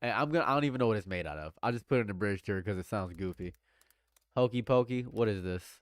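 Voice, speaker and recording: A young man in a casual live stream, talking over his reactions and teasing his chat. His voice leaps up into loud exclaimed questions, then drops to quiet mumbling, often repeating himself. The sound is dry and close, with no room echo. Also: expressive, fast, smooth. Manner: swings between loud exclamations and low mutters; repeats phrases, banters with chat. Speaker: livestream commentator.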